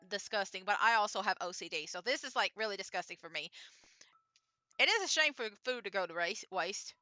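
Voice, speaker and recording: A woman's voice: mid-range voice, pushed and bright, no echo. A woman streamer giving rambling, chatty let's-play commentary, full of "like" and restarts. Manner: rambling, chatty, with frequent fillers.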